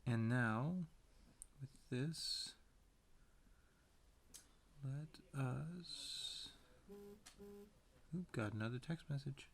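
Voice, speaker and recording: A man's voice: mid-range voice, extremely slow, vocal fry, long pauses, slight background noise. A man casually narrating as he paints a tiny picture, rambling to himself with playful sound words. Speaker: painter and video maker.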